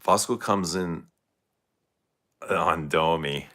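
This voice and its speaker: A man's voice: deep voice, slow, fairly bright tone. A man hosting a casual fragrance livestream, rambling loosely and reacting to viewer comments. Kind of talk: casual livestream chat answering chat.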